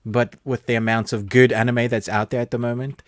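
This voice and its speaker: A man's voice: medium pitch, little pitch movement, brisk, no echo, studio quality. A man co-hosting a podcast, chatting enthusiastically and reading out viewer comments. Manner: chatty and enthusiastic, with frequent laughs. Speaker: podcast co-host.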